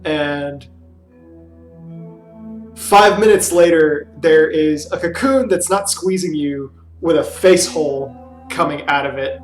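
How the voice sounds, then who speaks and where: A man running a tabletop role-playing game as game master, narrating in a relaxed way with chuckles. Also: fairly high pitch, roomy sound.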